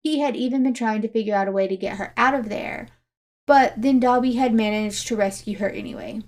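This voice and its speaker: A woman narrating fan fiction aloud, in a steady storytelling manner. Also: a little high, a little fast.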